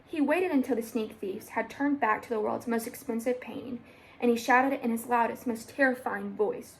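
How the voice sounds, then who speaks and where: A young woman reading a children's book aloud in a steady, plain storytelling voice. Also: on the high side, normal speed, creaky, a little hiss or hum, low-quality recording. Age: young adult. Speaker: storybook reader.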